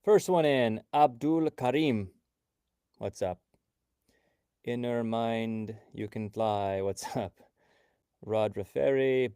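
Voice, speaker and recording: A man's voice: on the low side, mellow, clean tone, dry recording, clean studio sound. Upbeat man hosting a live stream. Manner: upbeat, greets chat viewers by name, explains casually. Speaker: livestream host and coding instructor. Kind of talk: live-stream chat, greeting viewers.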